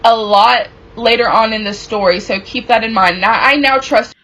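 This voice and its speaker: A woman casually telling a personal story from her relationship, animated and acting out what people said. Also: fairly high pitch, normal speed, low-quality recording. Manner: animated, reenacts quoted dialogue.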